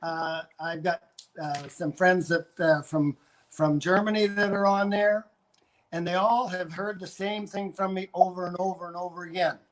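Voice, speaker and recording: An older man from Canada, a dog trainer, coaching viewers on a live stream and going over his points again and again with demonstrations. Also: sits high.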